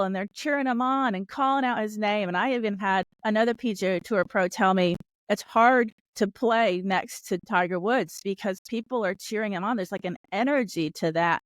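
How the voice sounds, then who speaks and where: A woman with a mid-range voice hosts an interview podcast, recorded with no room sound. She talks in a reflective, chatty way, shares her opinions, and laughs along with her guest.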